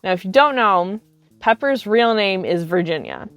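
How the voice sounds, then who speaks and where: A woman's voice: medium pitch, moderate pace, no echo, soft background music. A woman in her thirties telling cosplay stories in a casual, chatty way, filling her sentences with "like". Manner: chatty, animated, heavy use of filler "like". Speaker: cosplay vlogger. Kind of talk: casual storytime.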